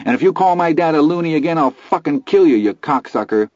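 A man's voice: on the high side, lively intonation, quick pace, darkish tone, no room sound, voice pushed up, close to an everyday voice. A man voicing a hotheaded young boy who screams and sobs with rage. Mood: furious. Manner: screaming, sobbing, explosive. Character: hotheaded scrawny boy around twelve. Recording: dull dry recording.

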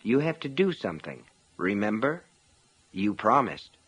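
A man voicing a talking foxtail that speaks in a smooth, wheedling male voice. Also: fairly low pitch, big pitch swings, a little slow, fairly bright tone, exaggerated voice. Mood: coaxing.

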